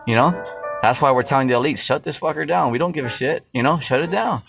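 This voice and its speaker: A man's voice: medium pitch, fast talker, creaky, fairly bright tone, soft background music. A man preaching from the Bible in a loose, casual way, full of fillers and profanity. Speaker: street preacher.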